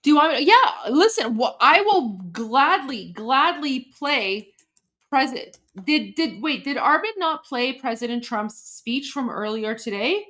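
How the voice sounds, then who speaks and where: A woman with a high-pitched, fairly bright voice hosts a casual livestream chat, speaking slowly with lively intonation. Her talk is emotional and rambling, often breaking off and starting over.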